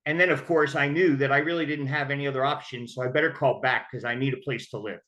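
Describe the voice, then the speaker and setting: A man's voice: mid-range voice, steady tone, fast, a bit bright. A man telling his own story of recovery in a candid, conversational way. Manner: candid, conversational, acts out quoted voices. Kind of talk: personal storytelling.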